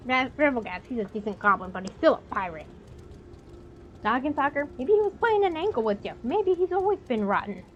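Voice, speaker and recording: A woman's voice: on the high side, dull audio, a little hiss or hum, close to an everyday voice. A woman voicing a streetwise male goblin with a put-on New York accent, blunt and slangy. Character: streetwise adult male goblin, tough-talking.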